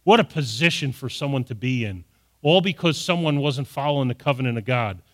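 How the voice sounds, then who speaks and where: A man's voice: medium pitch, lively intonation, fairly quick. A middle-aged man preaching a sermon, reading scripture aloud and then explaining it with rising emphasis. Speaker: pastor.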